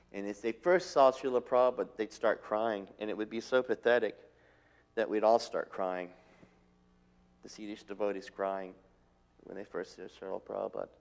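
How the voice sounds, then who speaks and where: Low-voiced man telling old memories. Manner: gentle storytelling, acting out quotes. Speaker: disciple recalling his teacher. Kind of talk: reminiscing in an interview.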